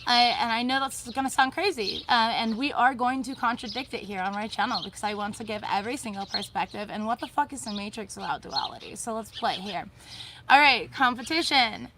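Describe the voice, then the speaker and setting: A woman with a fairly high voice gives a casual mindset talk. She is blunt and chatty, swears freely and fills her pauses with ums. Faint noise hums behind her. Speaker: host.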